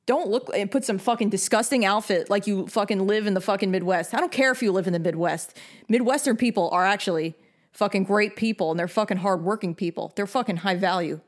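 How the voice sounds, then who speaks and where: A woman's voice: mid-range voice, a little fast. A young woman from New York giving blunt, bossy advice in a casual rant full of swearing. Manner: blunt and heavily profane; bossy, lecturing.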